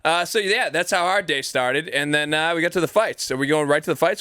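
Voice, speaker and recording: A man co-hosting a fight podcast in rambling, profane, excitable casual chat. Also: a little high, a little fast, over loud music. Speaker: podcast co-host.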